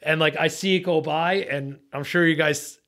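A middle-aged man with a somewhat high voice is a podcast guest recounting a fishing trip. Sounding like a boat captain, he curses freely and performs his own lines from that day. His delivery is tense and excited at a normal pace, punctuated by laughter, in the style of lively casual storytelling.

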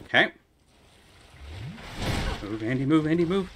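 An excitable man gives live commentary over his own gameplay, swearing and talking to himself. His voice sits a little high and swings widely in pitch. Faint game sounds play behind him. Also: a little slow, a little hiss or hum. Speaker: streamer playing a video game.

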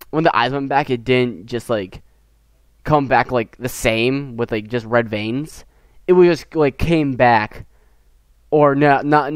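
A man's voice: medium pitch, clean tone, dry recording. An American teenage boy casually reviewing a short film, rambling and giggling, with lots of fillers and restarts. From United States. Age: teens. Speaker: gaming YouTuber.

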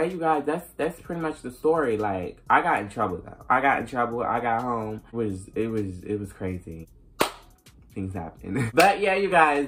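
A young adult woman telling a storytime straight to camera. She is animated and profane, and she slips into acted dialogue as she goes. Faint music plays quietly underneath. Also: rumbling low. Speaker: vlogger. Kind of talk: casual storytime.

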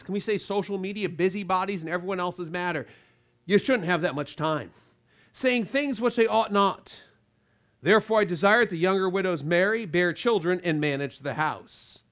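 A man pastor preaching an emphatic sermon, swinging between loud rebukes and quiet asides, acting out the voices of his listeners. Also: sits high. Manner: acts out quoted voices of listeners.

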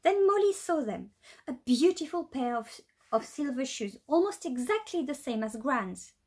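A woman teacher reading a children's storybook aloud, with a light British accent, in a lively storytelling way. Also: sits high, moderate pace. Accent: British English.

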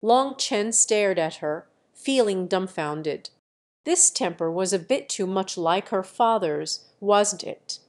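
A woman narrating a translated fantasy novel in a steady, even reading style. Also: medium pitch, slow pace. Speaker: audiobook narrator.

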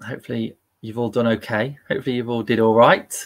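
A man's voice: mid-range voice, fairly even intonation, quick pace. A man hosting a live-streamed quiz, upbeat and chatty and laughing at himself. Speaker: quiz host.

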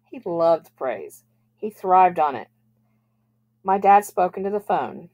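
A woman teacher reading a novel aloud in a calm, measured way. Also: fairly low pitch.

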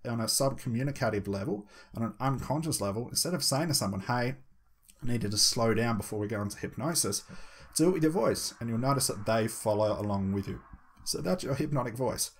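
A man teaching hypnosis, talking to the viewer and slowing down with deliberate pauses to show a hypnotic voice. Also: mid-range voice, slightly rough. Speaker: hypnosis instructor. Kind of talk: instructional talk.

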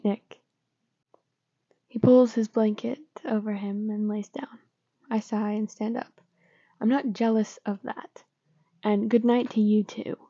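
Slow, hushed woman reading a story. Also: medium pitch, creaky, slightly rough, no echo, dull audio. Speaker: story reader. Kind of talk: soft, partly whispered story narration.

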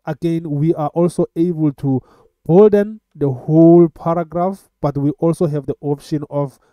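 A man teaching web coding in a screen-recorded tutorial, talking in a halting way with many filler sounds. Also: fairly high pitch, fairly even intonation, mellow, dry recording. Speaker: coding instructor.

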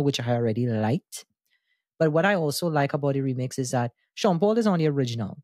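Animated male podcast host. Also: medium pitch, no echo, clean studio sound. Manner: animated, enthusiastic explainer who breaks into sung bits. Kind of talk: casual music discussion.

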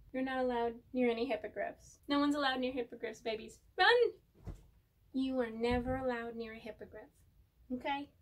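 A woman's voice: fairly high pitch, recorded from a distance, rough recording. A young woman reading book passages aloud at home, breaking off for playful, chatty asides. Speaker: pet vlogger reading aloud. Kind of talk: casual chat and book reading. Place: home room with pets.

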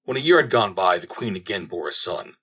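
A man reading a fairy tale aloud as an audiobook narrator, in a measured storytelling manner, recorded at home. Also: low voice, very animated, bright, forceful tone, husky.

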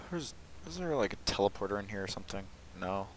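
This gaming commentator is a young man with a lowish, expressive voice, talking briskly over a noisy background. He plays a shooter while offering casual, sarcastic remarks, often sounding exasperated and poking fun at himself.

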